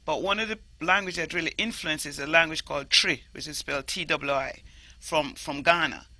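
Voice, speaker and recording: Forceful Jamaican woman storyteller. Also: deep voice, normal speed, no room sound. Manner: animated, explanatory, stresses words emphatically. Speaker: storyteller guest. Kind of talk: interview conversation.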